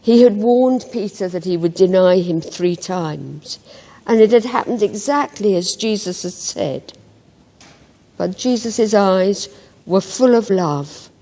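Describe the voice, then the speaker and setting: Slow, mellow woman telling a Bible story. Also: mid-range voice, lively intonation, in a large hall. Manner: slow, gentle storytelling with reflective pauses. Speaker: devotional reader. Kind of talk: scripted Bible story narration. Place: church.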